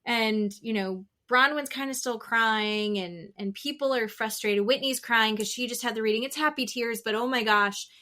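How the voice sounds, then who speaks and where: Woman, podcast co-host, bright voice, slightly high, animated, swears casually. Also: normal speed, hardly any pauses. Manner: animated, swears freely, acts out quotes. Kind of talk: casual recap chat.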